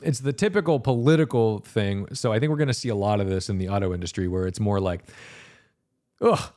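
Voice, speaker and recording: A man's voice: on the low side, quick pace, warm tone. A man hosting a solo car podcast as a reviewer, talking in a rambling, sarcastic way and now and then slipping into mock quotes. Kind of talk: casual solo podcast monologue.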